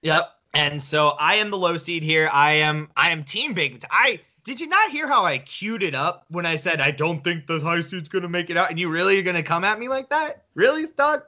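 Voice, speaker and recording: A young man co-hosting a casual podcast, arguing in an animated, incredulous way and swearing freely. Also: on the high side, brisk, few pauses, dull audio. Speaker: co-host.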